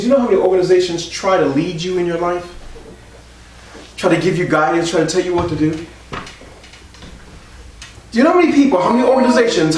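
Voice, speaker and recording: Man pastor preaching, high voice swinging all over, far off mic in a roomy church. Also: slight background noise. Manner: preaching call-and-response, rising to shouts. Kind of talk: sermon.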